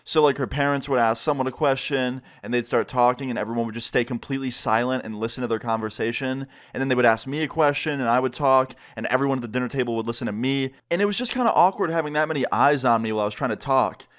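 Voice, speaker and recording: A man at an ordinary middle pitch, recounting a personal story to camera in a casual vlog. He tells it with animated energy and swears freely along the way. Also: fast talker, hardly any pauses. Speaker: vlogger.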